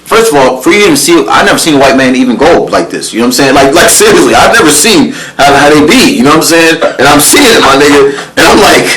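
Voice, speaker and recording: A man's voice: on the high side, very animated, fast, few pauses, a crowd in the background, low-quality recording. A man telling a life story in casual, profane slang, often laughing, repeating words and asking if you follow. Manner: profane, slangy, keeps asking "you know what I'm saying".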